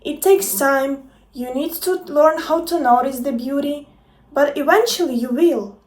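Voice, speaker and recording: A woman life coach chats with her viewers in a laid-back motivational vlog, being playful and emphatic and swearing freely. Her voice is high with a somewhat dark tone, and she talks a little slowly. The room is echoey and she sits far from the mic.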